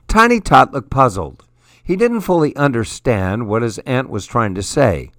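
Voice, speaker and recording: A man reading picture books aloud as a program's storyteller, gentle and expressive. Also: mid-range voice, normal speed, dry recording, studio quality. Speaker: radio storyteller. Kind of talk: read-aloud storybook narration.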